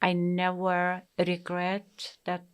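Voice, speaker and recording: A middle-aged woman from Russia with a Russian accent, speaking in an interview in an earnest, emphatic way with halting fillers and restarts. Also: lowish voice, monotone, smooth. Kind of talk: personal interview storytelling.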